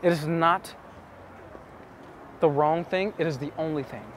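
A man's voice: fairly high pitch, unhurried, slight background noise. A man coaching on dating, telling stories to camera in an earnest, intimate way, repeating phrases for emphasis. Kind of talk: casual storytelling to camera.

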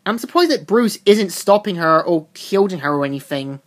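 Low-voiced woman casually recapping a comic. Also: expressive, normal speed. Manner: rambling retelling with loose restarts. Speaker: comic book reviewer. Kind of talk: casual plot recap and review.

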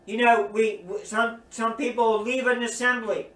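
A man's voice: extremely high pitch, flat delivery, normal speed, fairly bright tone. A man preaching a sermon, earnest and emphatic, repeating his points. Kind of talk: recorded sermon teaching. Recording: roomy echo, distant from mic.

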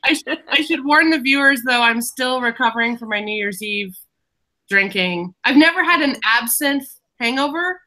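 Chatty bright-voiced woman co-host. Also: high-pitched, lively intonation, normal speed. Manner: chatty storyteller, rambling asides. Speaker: book club co-host. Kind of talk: casual video chat.

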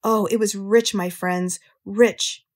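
A woman voicing a gluttonous, boastful male rat in an audiobook, in a husky, hoarse voice, snarling and gloating. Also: medium pitch, fairly even intonation, slow. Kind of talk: audiobook character reading.

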